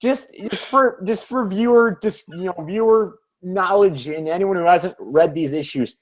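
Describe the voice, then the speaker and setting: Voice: mid-range voice, a little slow. A co-host in a casual comic book chat, making jokey asides. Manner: jokey, throws in quips and mock character lines. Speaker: podcast co-host.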